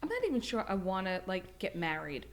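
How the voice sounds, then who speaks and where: A middle-aged woman with a Long Island accent, chatting as a podcast guest and telling stories in a lively, talkative way. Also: mid-range voice, a little fast. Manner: chatty, animated storytelling. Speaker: podcast guest, real estate agent. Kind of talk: casual chat.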